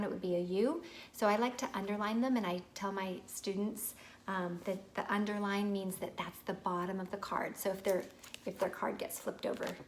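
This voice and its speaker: A young woman, a teacher, explaining reading tips to parents in a clear, patient way and sounding out words as she would for children. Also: medium pitch, a little hiss or hum. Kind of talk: instructional video for parents.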